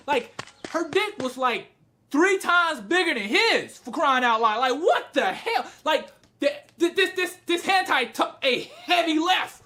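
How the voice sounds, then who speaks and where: A man casually reviewing anime on camera, telling scenes in an animated way, laughing and breaking into loud, high yelling. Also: measured pace. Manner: frequent swearing and laughter.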